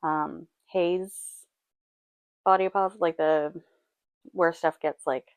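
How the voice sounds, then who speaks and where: Woman reacting to a clip, blunt and sarcastic, lowish voice, dry close sound. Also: fairly even intonation, slow pace, smooth, dry recording. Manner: blunt, sarcastic, frequent "like" and laughs. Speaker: reaction video host. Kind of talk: casual reaction commentary.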